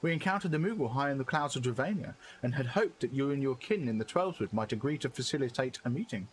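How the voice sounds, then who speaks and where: A man's voice: medium pitch, lively intonation, fast talker, a little hiss or hum, natural voice. A man voicing an earnest young male scholar, speaking in formal, archaic phrasing.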